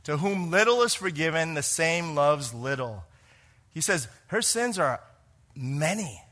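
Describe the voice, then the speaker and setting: A man, a pastor, preaching a sermon, moving between hushed lines and emphatic ones and asking the congregation questions. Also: on the high side, lively intonation, a little slow.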